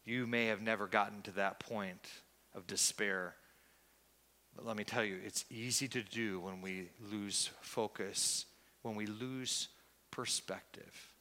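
A male pastor preaching a sermon, reflective and confessional, with hesitant pauses, in a church. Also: fairly low pitch, fairly even intonation, sharp tone, big-room sound.

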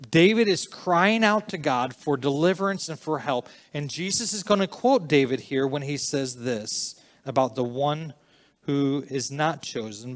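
A man preaching a sermon, earnest and emphatic in places, quieter and reflective in others. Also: medium pitch. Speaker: pastor.

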